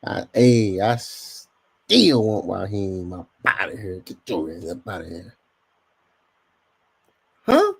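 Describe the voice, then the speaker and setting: Deep and gravelly, slightly rough, his voice moves slowly and pauses often. He hosts a casual podcast livestream, animated and slangy, addressing his chat directly.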